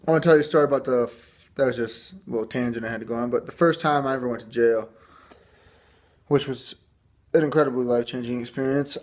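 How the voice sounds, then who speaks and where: A young man from Michigan rambles through a story for his vlog, swearing freely as he goes. His voice sits at an ordinary middle pitch, and he slips into the quoted lines of everyone in the story. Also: steady tone, fast talker. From Michigan, USA. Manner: profane, rambling, acts out the cops in a higher pitch. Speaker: vlogger. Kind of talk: casual storytelling monologue.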